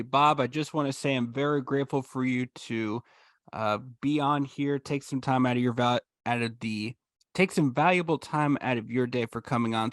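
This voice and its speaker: A man in the middle of his range, pitching a course on a video call with punchy, emphatic delivery. The sound is dry and close, with no room around it. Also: dry recording. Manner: energetic, emphatic salesman tone. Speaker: host presenting a trading course.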